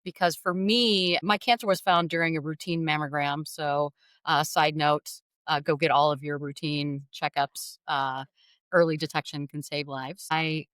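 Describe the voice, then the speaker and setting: A middle-aged woman speaks as an interview guest, sharing a personal story openly and with self-deprecating humor. Her voice sits a little low and stays lively and animated. The sound is close and dry. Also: no echo. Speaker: guest author.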